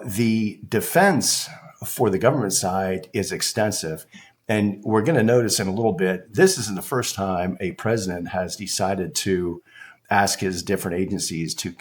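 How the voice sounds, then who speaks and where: Deep-voiced male host, relaxed explainer who talks viewers through a legal brief. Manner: conversational and explanatory, restarts and filler phrases. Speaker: political commentary host. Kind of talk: casual commentary walking through a court filing.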